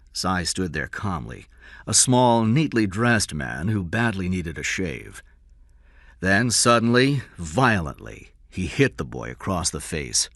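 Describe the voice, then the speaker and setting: A man narrates a story aloud in a steady reading voice. His tone is bright and crisp, with pitch that moves widely, and the recording is close and completely dry. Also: takes it slowly, no echo.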